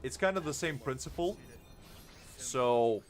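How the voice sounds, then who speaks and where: A man's voice: medium pitch, expressive, unhurried. Chatty young male game streamer. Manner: chatty, laughs often, answers chat messages. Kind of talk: casual live-stream chat.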